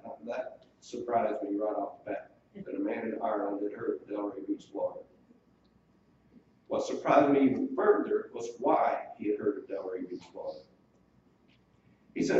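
A man's voice: lowish voice, normal speed, a little mellow. Man preaching in a very echoey church. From United States. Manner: earnest preaching, quotes scripture in old wording. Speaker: pastor. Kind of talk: sermon. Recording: distant mic in a very echoey room, dull lo-fi sound, faint hiss.

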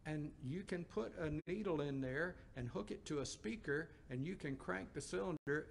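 Gravelly-voiced preacher, folksy sermon. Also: male voice, fairly high pitch, a little hiss or hum. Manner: folksy, conversational storytelling with emphatic rises.

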